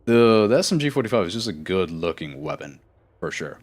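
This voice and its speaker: A man's voice: low-pitched, very animated, fairly quick. A man streaming a game live, chatting casually in a rambling, self-correcting way and laughing easily.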